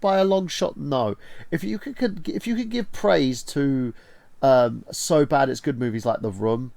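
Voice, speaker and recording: A man co-hosting a casual movie talk show, animated and swearing freely as he acts out quotes. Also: mid-range voice, a little slow, vocal fry, no room sound. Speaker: podcast co-host.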